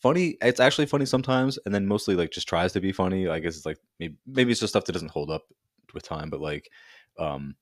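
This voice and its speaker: A man's voice: low voice, expressive, fast, no room sound, clean studio sound. A man co-hosting a podcast, chatting casually and laughing easily. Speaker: podcast co-host. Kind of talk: casual chat.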